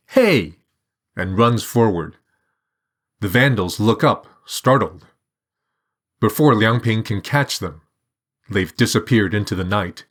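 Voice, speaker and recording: A man reading a short story aloud in a measured, even storytelling manner. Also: low-pitched. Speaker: narrator. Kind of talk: scripted narration.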